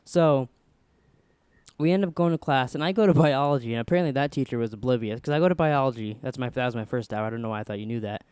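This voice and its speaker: Young man telling a story, smooth voice. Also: fast, dry recording. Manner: animated, voices quoted people with pitch jumps. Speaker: podcast host. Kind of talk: casual storytelling.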